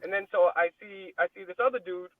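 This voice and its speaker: High-voiced man on a tinny call. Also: brisk, no room sound. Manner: profane, slang-heavy, rambling. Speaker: auditor on a live panel. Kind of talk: casual storytelling. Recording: tinny dry phone-like call audio.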